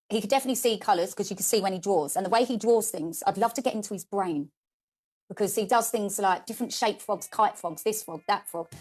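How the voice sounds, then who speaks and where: A young woman telling candid family stories as a podcast guest, animated and chatty. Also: medium pitch. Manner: chatty, animated, quotes people in lively voices. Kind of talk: candid storytelling conversation.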